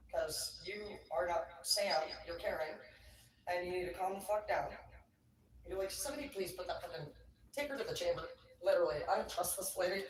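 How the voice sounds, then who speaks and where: A man's voice: sits high, slight background noise. A man doing a livestream tarot reading in a heated, profanity-laced rant, picked up by a distant mic. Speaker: tarot reader. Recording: roomy, distant mic, faint ambience.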